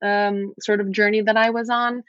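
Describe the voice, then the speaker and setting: A woman's voice: mid-range voice, flat delivery, moderate pace, a bit bright, dry recording, highs cut off. A woman talking as a podcast guest, frank and rambling with wry self-deprecating asides. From United States. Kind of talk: candid conversational interview.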